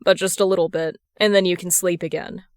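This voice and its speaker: A woman voicing a gruff, protective young man who grumbles and deadpans. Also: on the low side, steady tone, a little fast, no echo, studio quality, close to an everyday voice. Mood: gentle.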